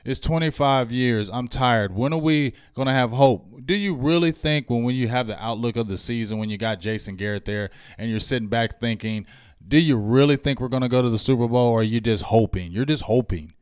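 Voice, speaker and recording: A man's voice: mid-range voice, a little fast, darkish tone, clear, resonant tone, dry recording, studio quality. A man co-hosting a live fan sports show, ranting with preachy fire.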